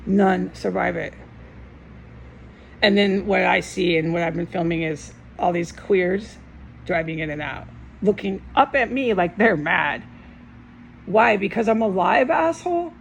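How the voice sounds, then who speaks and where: A woman's voice: on the low side, measured pace, gravelly, a little hiss or hum, low-quality recording. A woman filming herself at home, talking to the camera in an agitated rant full of swearing. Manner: agitated, ranting, heavy swearing. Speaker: vlogger. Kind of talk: angry rambling monologue to camera. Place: indoors at home.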